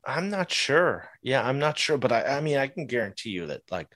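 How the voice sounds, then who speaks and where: A man's voice: medium pitch, very animated, a little fast, fairly bright tone, dry recording, clean studio sound. A man co-hosting a podcast, chatting casually about politics, laughing often and restarting his sentences. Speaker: podcast co-host.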